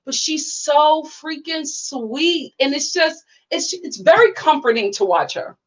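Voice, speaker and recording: A woman's voice: unhurried, poor audio. Bubbly young woman chatting on a livestream. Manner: chatty, bubbly, many "like" fillers, jumps to high excited exclamations. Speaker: YouTube reality-TV reviewer reading live chat. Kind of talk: casual livestream chat.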